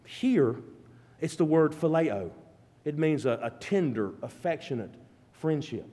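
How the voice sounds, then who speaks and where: A man preaching a sermon, rising to loud, fervent peaks and dropping to quiet, low passages. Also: very animated, unhurried, long reverb tail. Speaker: pastor.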